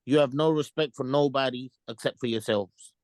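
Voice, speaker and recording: A man's voice: mid-range voice, moderate pace, darkish tone, no echo. Podcast co-host, man, mid-range voice, challenging, slangy, dry sound. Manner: challenging, lays out hypotheticals in street slang. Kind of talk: casual group chat.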